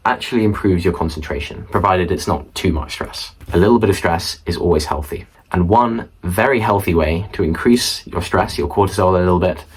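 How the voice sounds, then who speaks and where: A man's voice: deep voice, breathy edge, rough recording. A young man talking casually to camera in a room, explaining study tips with chatty asides to the viewer. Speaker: student study vlogger. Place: indoor room at home. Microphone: camera mic facing viewer.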